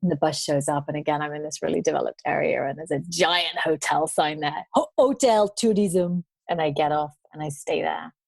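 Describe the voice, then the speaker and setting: A woman tells her travel stories as a guest, her voice pitched a little low. She brings the tale to life by acting out the people she met. The recording is dry and close. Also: fairly quick, creaky, few pauses, husky, dry recording. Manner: animated storyteller, acts out quoted voices. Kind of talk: storytelling interview.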